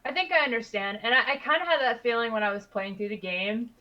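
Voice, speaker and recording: A woman's voice: fairly high pitch, fast, dull audio. A woman co-hosting a podcast, chatting casually in a hesitant way with many fillers. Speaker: podcast co-host. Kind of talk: casual chat.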